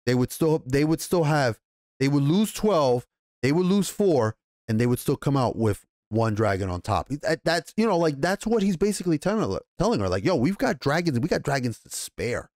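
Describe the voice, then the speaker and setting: Excitable, profane man recapping a show. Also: on the high side, moderate pace, no room sound, clean studio sound. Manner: excitable, profane, rambling with many restarts. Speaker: TV show reviewer. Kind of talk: casual recap and review.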